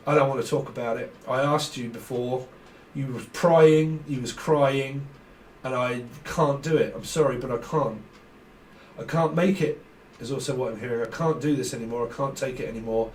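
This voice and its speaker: A man's voice: fairly high pitch, far from the mic. A man giving a casual tarot reading, rambling and acting out imagined conversations with frequent laughs. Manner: rambling, acts out imagined dialogue, laughs often. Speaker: tarot reader. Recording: echoey room, speaker away from the mic.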